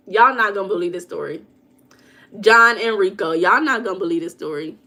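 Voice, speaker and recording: A woman chats on her livestream. She greets viewers by name and answers their comments. Her storytelling is loose and dramatic, and her voice sits at a middle pitch. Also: normal speed, sharp tone. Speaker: livestream host. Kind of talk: casual livestream chat.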